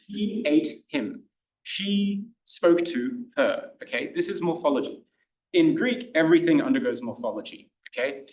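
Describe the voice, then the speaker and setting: A man with an Australian accent gives a relaxed, enthusiastic lecture, often restarting phrases and filling pauses. His voice sits at a middling pitch for a man. The sound is roomy and echoey, with the speaker set back from the microphone. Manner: chatty, enthusiastic, lots of fillers and restarts. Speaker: Greek tutor. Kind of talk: classroom lecture. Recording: echoey room, voice somewhat far from the mic.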